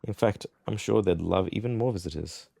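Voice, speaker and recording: A man voicing a huge friendly whale from a video game, reading its lines softly and low. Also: a little fast, vocal fry, dry recording. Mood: cozy. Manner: soft, murmured reading of game dialogue. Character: huge friendly whale who swallowed guests.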